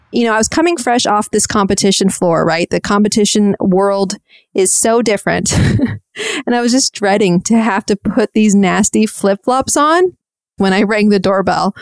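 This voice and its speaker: A soft-spoken woman in her thirties hosts a podcast and tells an old story in a chatty, self-deprecating way. Her voice is smooth and clear, and the recording is dry and close with no room sound. Her pitch sits in a middle range. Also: dry recording. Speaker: podcast host. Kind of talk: casual storytelling recap.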